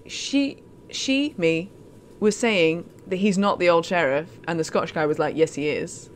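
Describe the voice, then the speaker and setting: A woman's voice: fairly low pitch, a little slow, a little hiss or hum. A woman chatting casually on a live stream as she plays a game, in a self-mocking way.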